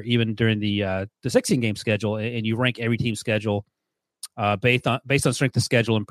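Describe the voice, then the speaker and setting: Male podcast host, rapid and wry, dry close mic. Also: mid-range voice, no echo. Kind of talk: casual podcast sports talk.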